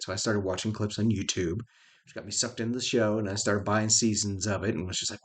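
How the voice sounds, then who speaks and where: A man's voice: on the low side, expressive, a little fast. A middle-aged man, talking casually and rambling through a vlog, full of "you know" fillers and self-restarts. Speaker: YouTube host.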